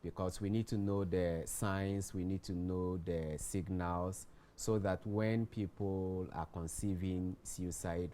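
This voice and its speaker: A man with a Ghanaian English accent, a guest explaining warning signs in a measured way, repeating key words for emphasis. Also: low voice, mellow, a little hiss or hum. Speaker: guest expert on mental health. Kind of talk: explanatory studio talk.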